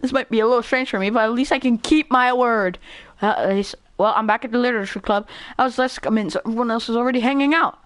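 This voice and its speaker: A woman reading aloud as a confident, cheerful girl club president from a visual novel game, in quick and breezy lines. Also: a little high, dry recording, close to an everyday voice.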